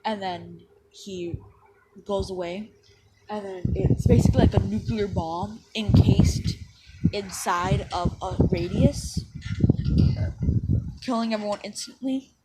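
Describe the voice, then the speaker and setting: A woman's voice: mid-range voice, expressive, heavy background noise. Rambling woman telling a fan story. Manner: rambling, filler-heavy retelling with quick acted quotes. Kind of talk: casual spoken fan story.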